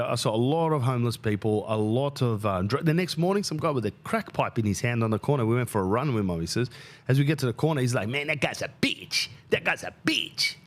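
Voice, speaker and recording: A man tells a story in a loose, animated monologue. His pitch swings widely as he gets caught up in it, and he swears freely and acts out the people he met along the way. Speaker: podcast host.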